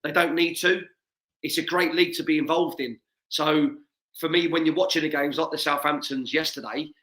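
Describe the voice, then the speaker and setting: A middle-aged English man with a Watford-area accent, chatting casually as a guest on a video call, full of matey banter. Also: a little high. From England. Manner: warm, laughs often, matey banter. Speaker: guest, former footballer. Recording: echoey room.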